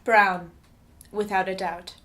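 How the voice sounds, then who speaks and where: A woman's voice: mid-range voice, flat delivery, slow pace, over music, pitched below the performer's own voice, natural voice. A woman putting on a smug, self-promoting celebrity voice in a chatty manner. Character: woman doing a self-absorbed celebrity impression.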